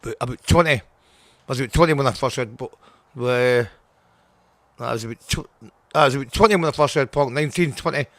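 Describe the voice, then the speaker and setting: A man's voice: medium pitch, quick pace, pauses often, fairly bright tone, no echo. A Scottish man in his sixties, a punk singer being interviewed, blunt and full of swearing, often restarting his sentences. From Scotland. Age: 60s. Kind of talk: casual interview.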